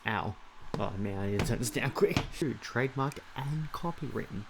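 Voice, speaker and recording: A man's voice: mid-range voice, normal speed, vocal fry, over loud music. A young man giving sarcastic, swear-heavy commentary while playing an old game, mocking its clumsy translation. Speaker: gaming video creator. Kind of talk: commentary over gameplay.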